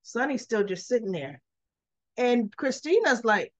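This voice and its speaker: A woman giving a casual recap of a soap episode, retelling scenes with lively asides and slipping into the characters' lines. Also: on the high side, takes it slowly, dry recording, highs cut off. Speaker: soap opera recap vlogger.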